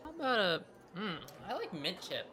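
A woman's voice: mid-range voice, big pitch swings, normal speed, bright, forceful tone, pitched above the performer's own voice. A woman voicing a friendly young Pikachu student in a hobby tabletop game, talking in an easygoing way. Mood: casual.

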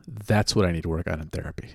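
A man's voice: low voice, fast talker, vocal fry, breathy edge, no echo, studio quality. Blunt, profane man ranting. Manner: profane, blunt, self-questioning. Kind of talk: casual rant.

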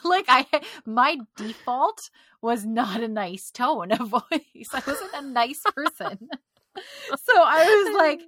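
Woman guest telling her own story, laughs a lot, lively and open, dry close sound. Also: a little high, unhurried, no echo. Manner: animated and candid, laughs often between phrases. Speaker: podcast guest. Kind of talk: personal testimony in conversation.

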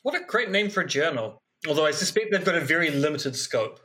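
A man's voice: a little high, expressive, a little fast, sharp tone. A man co-hosting a podcast, making wry jokes and reading a text aloud. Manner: wry, jokey interjections. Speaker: podcast co-host. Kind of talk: casual chat and reading aloud.

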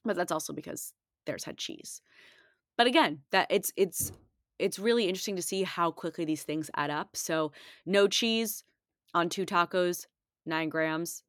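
A woman's voice: lowish voice, moderate pace, fairly bright tone, no room sound. Woman dietitian talking casual and punchy, lots of numbers, dry close mic. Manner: chatty, emphatic, number-heavy explaining. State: out of breath. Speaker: dietitian podcast host. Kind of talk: casual solo talk.

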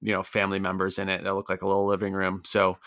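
A middle-aged man co-hosting a sports podcast, talking in a relaxed, rambling way full of fillers. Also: low-pitched, rapid-fire, no room sound, studio quality. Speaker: podcast co-host. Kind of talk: casual podcast chat.

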